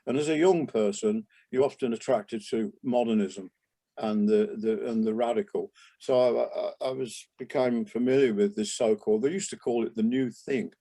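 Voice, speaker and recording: An older man, a jazz trumpeter, reminiscing in a relaxed interview, rambling with many restarts and asides. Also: mid-range voice, moderate pace. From England.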